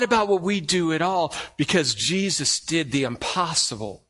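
A man preaching a sermon as pastor, emphatic and full of rhetorical questions to the congregation, his voice swinging from loud and high to low and quiet. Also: moderate pace. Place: church sanctuary. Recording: long reverb from a large hall.

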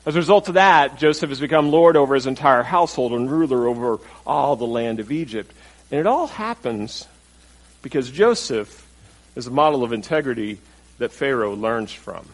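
Poor audio carries a mid-range male voice with lively intonation and a moderate pace. It's a pastor delivering a chatty sermon, asking the congregation questions and voicing the figures in his story.

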